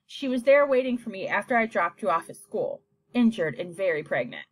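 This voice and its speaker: A woman voicing a patient mother who is a veterinarian, explaining things calmly and gently in an audiobook reading. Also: medium pitch, a little fast, lightly acted.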